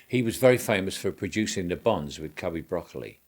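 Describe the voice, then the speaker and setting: An older man looks back on his career in a relaxed interview. His voice is deep and unhurried. He circles back on his words, restarting phrases and chuckling as he goes. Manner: rambling recollection with frequent restarts and chuckles. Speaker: actor. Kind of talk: reminiscing interview.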